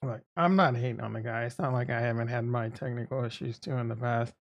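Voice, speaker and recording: A man chatting loosely on his own live stream, wandering off track and cutting himself short. He fills pauses with "uh" and "like" and talks at an everyday middle pitch. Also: fairly even intonation, gravelly. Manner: rambling and self-interrupting, with frequent fillers. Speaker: streaming channel host. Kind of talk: casual live-stream chat.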